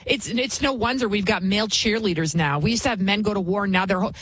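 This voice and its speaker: A woman's voice: mid-range voice, quick pace, a bit bright, husky, dry recording, poor audio. A woman hosting a talk radio show as a fill-in, giving a blunt, indignant opinion monologue and repeating lines for emphasis.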